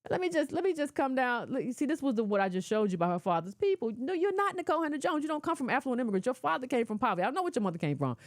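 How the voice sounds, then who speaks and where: A woman's voice: high-pitched, sing-song, rapid-fire, hardly any pauses, no room sound, clean studio sound. A middle-aged woman giving casual, opinionated commentary, lecturing emphatically and talking in a colloquial way. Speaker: commentator reacting to clips.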